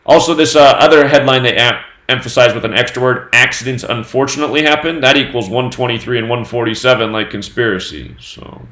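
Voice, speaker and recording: A man's voice: medium pitch, fairly quick, hardly any pauses. Man reading out numbers in an echoey room. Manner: steady running reading of dates and number sums. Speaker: host of a numerology news channel. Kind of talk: solo commentary on the news.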